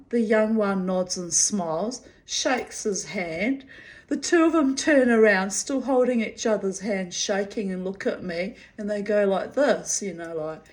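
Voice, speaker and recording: A woman's voice: medium pitch, a little mellow. A middle-aged woman telling a personal story in a casual, frank way, swearing freely and adding chatty asides.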